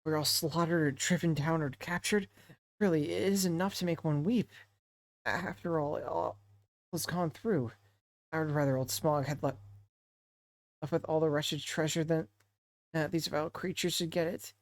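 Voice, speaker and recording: A man's voice: fairly high pitch, moderate pace, pauses often, no room sound, voice pushed up, lightly acted. A man voicing a fretful, despairing hobbit. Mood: fretful lament. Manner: fretful, lamenting. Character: anxious, gloomy hobbit, small male adult. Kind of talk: reading a novel aloud.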